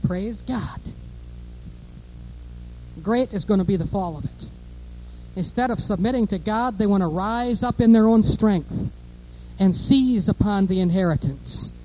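A man preaching a fiery sermon, emphatic and repetitive, moving between offhand asides and loud declarations. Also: high-pitched, measured pace, long pauses, a little hiss or hum, rough recording.

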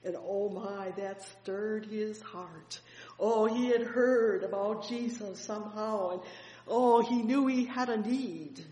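A preacher telling a Bible story in a sermon, fervent, swelling loud and dropping soft, with frequent exclamations. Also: mid-range voice, slow pace. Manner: fervent storytelling with sudden swells and drops in loudness. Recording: echoey hall reverb.

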